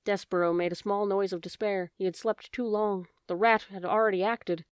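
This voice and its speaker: Clear-voiced woman reading a children's story. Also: medium pitch, fairly even intonation, moderate pace, no echo, studio quality. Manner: gentle, addresses the reader directly. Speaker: audiobook reader. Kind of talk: children's audiobook narration.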